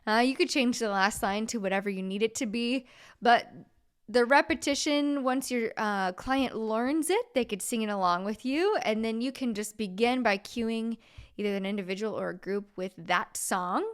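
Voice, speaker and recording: Her voice sits a little high, clear and resonant, at normal speed. On her teaching podcast this music therapist lays out steps plainly, uses a few fillers, and sings simple call-and-response demonstrations.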